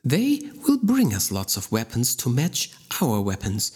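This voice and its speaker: Brief: male narrator as a merciless woman brawler, blunt, husky, slow delivery. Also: medium pitch, wildly swooping pitch, a little mellow, exaggerated voice. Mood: cold. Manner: blunt and commanding. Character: cold ruthless woman fighter.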